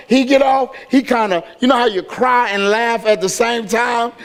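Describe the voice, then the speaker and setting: Man pastor, high voice, storytelling sermon style. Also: normal speed. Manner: storytelling, building to shouted exhortation.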